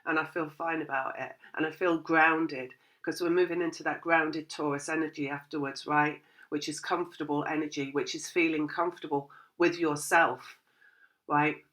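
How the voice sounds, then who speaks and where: A woman's voice: low voice, a bit bright. A woman giving a casual, rambling tarot reading, laughing often and acting out her listeners' thoughts. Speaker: tarot reader.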